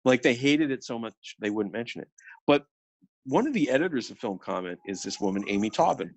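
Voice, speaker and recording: A middle-aged man co-hosting a film podcast, talking in a casual, animated way with many restarts and quoted asides. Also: mid-range voice, fairly quick, dry recording. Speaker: podcast co-host.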